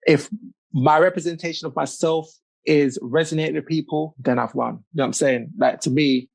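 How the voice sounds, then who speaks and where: A man's voice: fairly high pitch, fairly even intonation, normal speed, creaky. A British man chatting as a podcast guest, laughing easily and restarting his sentences. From United Kingdom. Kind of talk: casual chat.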